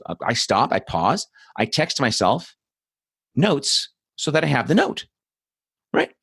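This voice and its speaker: A man's voice: medium pitch, a bit bright, no echo, studio quality. A man hosting a political commentary show, talking in a blunt, profane, rambling monologue full of asides. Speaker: host.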